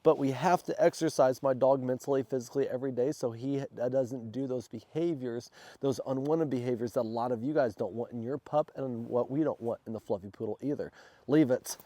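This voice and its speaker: A sick, congested man talks through a casual dog-training vlog in a dark, mellow voice. He breaks off now and then to bark sharp, loud commands at his dog. The sound is dry and close. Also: mid-range voice, dry recording. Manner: loud sharp commands between relaxed explanations. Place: outdoors in a backyard.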